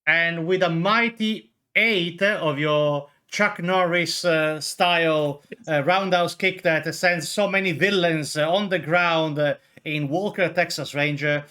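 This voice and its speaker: Male dungeon master, bright and forceful tone, halting delivery full of fillers. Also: on the high side, clean tone. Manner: hesitant, full of fillers, rules-focused. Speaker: game master. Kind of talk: running a tabletop game.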